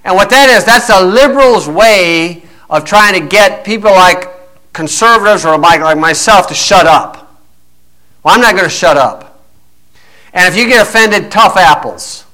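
A man's voice: high-pitched, animated, unhurried, bright, forceful tone, low-quality recording. A man preaching a blunt monologue in a combative, scornful, folksy way, full of fillers.

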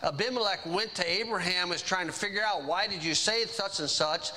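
A male preacher delivers a sermon in a folksy, chatty manner. His voice sits a little high and rings bright and forceful. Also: a little fast. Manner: folksy, conversational preaching with asides.

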